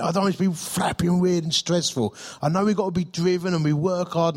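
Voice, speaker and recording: Chatty middle-aged pastor. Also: male voice, on the high side. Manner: chatty storytelling with self-deprecating humour and restarts. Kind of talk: sermon.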